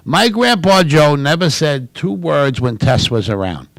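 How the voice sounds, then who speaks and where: A man tells family stories with lots of energy, his voice riding high and swinging widely. The sound is dry and close. He talks loudly and freely in a casual show. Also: measured pace, gravelly, no room sound. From New York City. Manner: animated, loud storyteller. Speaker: co-host. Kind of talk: casual chat, storytelling.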